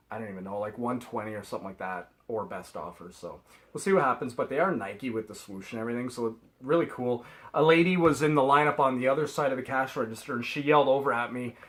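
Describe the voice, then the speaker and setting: A man's voice: mid-range voice, low-quality recording. Chatty Canadian reseller man. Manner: chatty, rambling, laughs at himself. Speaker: reseller vlogger. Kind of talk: casual haul vlog.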